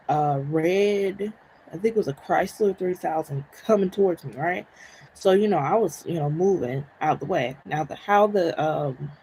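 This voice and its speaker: A woman's voice: low voice, mellow, a little hiss or hum, low-quality recording. A woman hosting a live stream, chatting casually through a personal story, laughing often and checking in with "right?" and "okay?".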